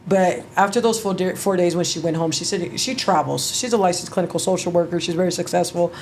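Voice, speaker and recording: Emotional, halting, low-voiced woman storyteller. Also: a little mellow, slight background noise. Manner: halting, emotional, many restarts, casual swearing. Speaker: interview guest. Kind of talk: personal storytelling.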